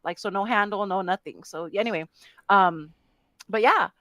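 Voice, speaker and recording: A woman co-hosting a casual podcast, chatty and quick to laugh, swearing casually as she shares memories. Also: mid-range voice, fairly bright tone, no echo. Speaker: podcast co-host. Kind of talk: casual chat.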